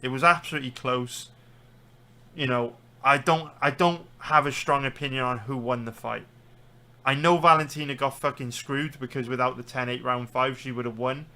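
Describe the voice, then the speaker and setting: A man's voice: mid-range voice, steady tone, moderate pace, pushed and bright. A man with a British accent, a sports betting streamer, ranting heatedly and swearing through live stream commentary. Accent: British English.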